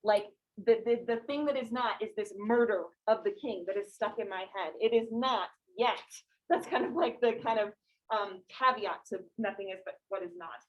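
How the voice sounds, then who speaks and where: A woman teaching a high school English class, explaining casually with lots of "like" and questions to the students. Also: normal speed, lo-fi sound. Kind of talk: classroom lecture.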